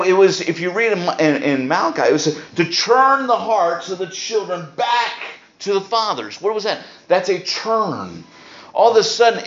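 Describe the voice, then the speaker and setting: A man's voice: sits high, fairly bright tone. A man preaching a sermon in an emphatic, repetitive way with sudden speed-ups. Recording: roomy, dull lo-fi sound.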